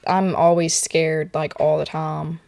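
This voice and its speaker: A young woman tells a personal story in a soft, hesitant way, full of filler words. Her voice sits a little low and stays fairly level in pitch. She talks while posing in an artist's studio. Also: flat delivery, slow pace, creaky. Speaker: portrait model interviewee.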